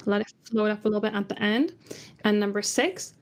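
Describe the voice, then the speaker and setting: A woman's voice: medium pitch, fairly even intonation, moderate pace. Chatty woman teaching tones online. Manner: chatty, demonstrates tones by singing them out. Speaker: Cantonese teacher. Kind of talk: online language lesson.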